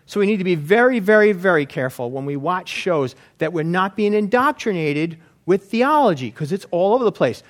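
A man preaching in a loose, anecdotal way, full of fillers and side remarks. His voice sits high and moves a great deal. He teaches as if telling stories to friends. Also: expressive, fairly quick, hardly any pauses. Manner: rambling, anecdotal, with frequent fillers. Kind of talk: informal Bible teaching.

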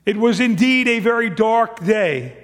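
A man's voice: high voice, expressive, measured pace, big-room sound. A man preaching a sermon and reading scripture aloud, earnest, often repeating words as he builds a point. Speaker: pastor.

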